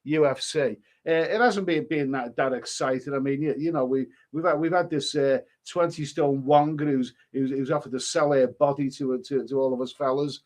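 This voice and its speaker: A man's voice: mid-range voice, moderate pace, hardly any pauses, darkish tone. A man chatting casually on a live stream, reading out comments and rambling with frequent stumbles and repeated words. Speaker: livestreamer reading chat comments.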